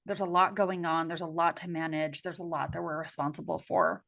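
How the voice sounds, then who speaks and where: A woman's voice: lowish voice, steady tone, fairly quick, gravelly, a bit bright. A woman guest in a casual podcast interview, speaking reflectively and expressively with many filler words.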